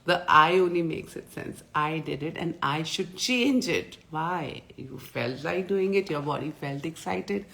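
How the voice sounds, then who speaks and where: Woman, low voice, life coach, live morning session, playful, greets viewers by name. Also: animated, a little slow, vocal fry, hardly any pauses, a bit bright.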